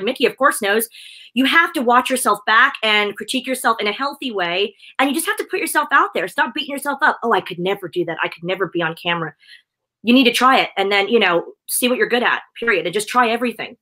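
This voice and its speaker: A woman talks quickly in a bright, fairly high voice. She is chatty and effusive and laughs easily as she gives her answers in a casual interview over a video call. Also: animated. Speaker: presenter and guest.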